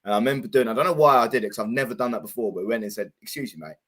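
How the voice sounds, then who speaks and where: A man's voice: medium pitch, racing. A young man, co-hosting a football chat show, teasing his partner and calling him mate. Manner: teasing, says "mate" often. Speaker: co-host. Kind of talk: casual banter chat.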